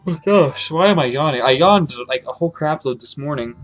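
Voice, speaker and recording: A man's voice: on the high side, lively intonation, fairly quick. A man hosting a let's play, reading a visual novel aloud and chatting to viewers in a rambling, casual way. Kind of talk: casual gameplay commentary. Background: faint game music.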